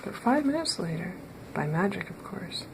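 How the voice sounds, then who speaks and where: A woman's voice: mid-range voice, big pitch swings, moderate pace, heavy background noise. Woman reading a children's story aloud. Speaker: storybook reader. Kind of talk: children's read-aloud narration.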